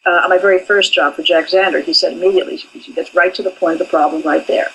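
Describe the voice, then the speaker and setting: Older woman, husky voice, candid, forthright, interview guest. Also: fairly low pitch, steady tone, fast, a bit bright, low-quality recording. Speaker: animation professor, interviewee. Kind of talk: interview, recalling her training.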